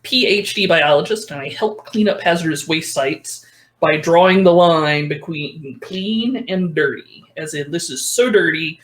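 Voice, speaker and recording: A woman with a low voice chats a little slowly as a guest on a podcast. The talk is casual, and she rambles along, correcting herself as she goes.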